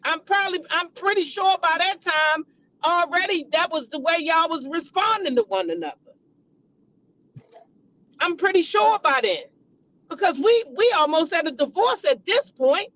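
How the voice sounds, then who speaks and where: High-voiced female commentary host, blunt, profane, heated; AAVE speech. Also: expressive, moderate pace, long pauses, fairly bright tone, muffled recording. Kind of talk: casual commentary vlog.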